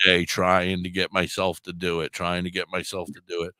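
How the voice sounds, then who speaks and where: A man with a sore throat telling a story casually on a radio talk show, animated, acting out quoted dialogue and swearing freely. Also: low voice, fast, smooth, dry recording. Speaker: puppeteer and live streamer.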